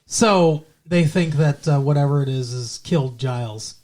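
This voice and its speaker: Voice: medium pitch, normal speed, darkish tone. A podcast co-host casually retelling a TV episode, rambling with lots of filler words. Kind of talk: casual recap chat.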